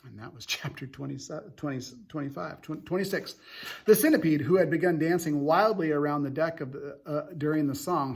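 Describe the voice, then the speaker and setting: A young adult male teacher reading a novel aloud to students, stopping for casual, halting explanations. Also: fairly high pitch, husky.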